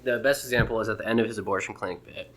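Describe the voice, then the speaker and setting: A man's voice: on the low side, fairly even intonation, rapid-fire, a loud crowd. A man in casual podcast chat, an amateur comedian who rambles and acts out voices when retelling jokes.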